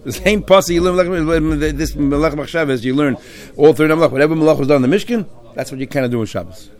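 A man's voice: on the high side, fast, darkish tone. A man leading a Talmud study discussion, arguing and questioning, sprinkling in Hebrew and Yiddish terms. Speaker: Torah study teacher.

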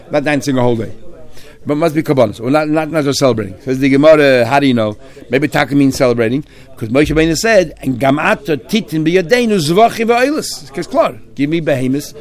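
A man leads a Talmud study session at a rapid clip. His voice sits a bit high, and he keeps questioning the text, arguing it out and mixing in Hebrew and Yiddish terms. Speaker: Torah study teacher.

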